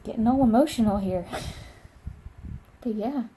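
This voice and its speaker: Woman tarot reader, casual vlog, mellow voice, earnest and encouraging, chatty. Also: fairly high pitch, moderate pace, slight background noise.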